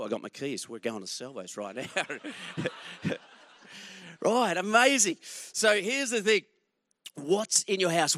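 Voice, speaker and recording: A guest preacher in his forties with an Australian accent gives a sermon built around personal stories, speaking conversationally and chuckling through his anecdotes. His voice is high with a fairly bright tone, and the recording has no echo.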